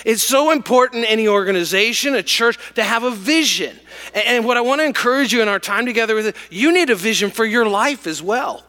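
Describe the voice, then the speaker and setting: Male lead pastor, high bright voice, casual sermon with rising emphasis, reverberant church. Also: lively intonation, fast talker. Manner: conversational and joking, building to emphatic repetition. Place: church sanctuary. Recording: hall reverb.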